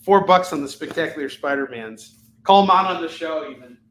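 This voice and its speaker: A man's voice: on the high side, fairly bright tone, poor audio. A man hosting a live shopping stream, calling out items and prices in a chatty, joking way. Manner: chatty, jokey, rapid-fire price callouts. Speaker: live shopping show host. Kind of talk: live-stream selling chat.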